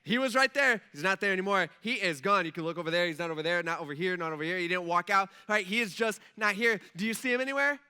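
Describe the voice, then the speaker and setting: A man voicing an excited, eager male angel who talks loudly and quickly, as an acted-out sermon illustration. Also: fairly high pitch. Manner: eager, chatty, loud and fast.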